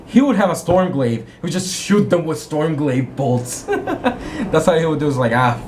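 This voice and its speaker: A man's voice: on the high side, expressive, brisk, darkish tone, a little hiss or hum. A man game master casually retelling a tabletop game session, rambling and correcting himself as he goes and acting out the characters' quotes. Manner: rambling, self-correcting storyteller who acts out quotes.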